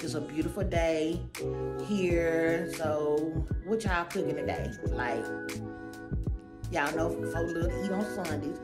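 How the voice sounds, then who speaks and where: A woman's voice: sits low, slow, roomy sound, loud music behind the voice. A woman hosting her own channel, chatting casually and goofily to camera about a shopping haul, rambling with lots of slang. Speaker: channel host.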